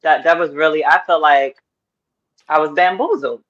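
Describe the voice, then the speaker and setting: A woman guest in casual chat, telling stories in an animated way and acting out the people she quotes. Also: low voice, moderate pace, dull audio.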